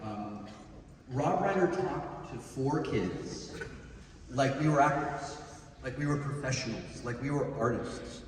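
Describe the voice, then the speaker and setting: A man's voice: medium pitch, animated, takes it slowly. A man with a mid-range voice speaks earnestly and with force from a stage. His voice is distant from the mic and swims in heavy hall reverb, with faint noise behind. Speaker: panel guest. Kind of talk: onstage panel remarks. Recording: very echoey hall from far off.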